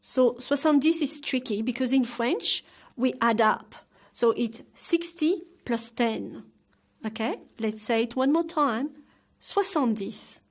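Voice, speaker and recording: A woman's voice: on the high side, a little slow. A woman teaching a language lesson, enunciating each word carefully and demonstrating how to shape the lips. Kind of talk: slow, clear pronunciation lesson.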